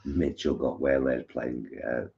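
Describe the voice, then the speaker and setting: Man, extremely deep voice, gravelly fry, frank rambling live-stream chat, dull lo-fi sound. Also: fairly even intonation, a little slow, darkish tone. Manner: chatty and frank, rambling with fillers. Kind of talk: casual chat reading live comments. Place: living room at home.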